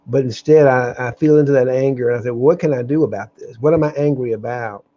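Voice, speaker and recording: Earnest man, dark dull webcam sound. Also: mid-range voice. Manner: earnest, openly angry, halting with restarts. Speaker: host of a daily live meditation stream. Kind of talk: live-streamed spiritual talk.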